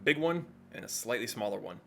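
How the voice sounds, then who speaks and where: A man's voice: medium pitch, expressive, fairly quick, slight background noise. A man narrating scenes as game master of a tabletop game, easygoing and descriptive.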